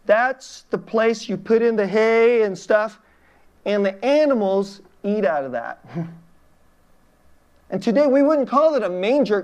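A middle-aged woman pastor gives a relaxed children's sermon before a church congregation. She speaks in a mid-range voice, poses questions to the kids and laughs often as she explains. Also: medium pitch. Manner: chatty, informal, asks questions, laughs often.

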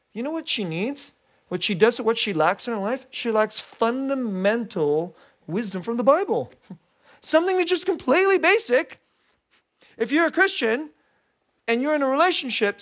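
A pastor giving a sermon in an animated, conversational storytelling manner. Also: medium pitch, moderate pace.

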